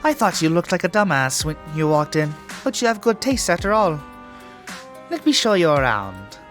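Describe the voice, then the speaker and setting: A man voicing a sly, flirtatious female troll gallery owner in a nasal mock French accent, with smooth, teasing salesmanship. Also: a little high, sing-song, normal speed, a bit bright, soft background music. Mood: smug.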